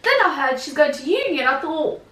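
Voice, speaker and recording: A young woman of twenty, chatting casually to camera as a vlog co-host, often pausing on filler ums. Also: sits high, sing-song, pushed and bright. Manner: hesitant, many filler ums. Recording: roomy, distant mic, faint noise.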